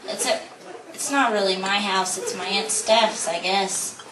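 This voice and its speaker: A woman from Texas doing a stand-up comedy set in a comedy club, with a slow, drawn-out delivery. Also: mid-range voice. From San Antonio, Texas. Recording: echoey club recording from far off, crowd and noise.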